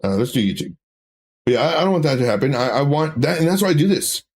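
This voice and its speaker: A man's voice: fairly high pitch, big pitch swings, fast talker. A man doing a casual livestream, rambling through chart talk and personal stories as a crypto trading educator.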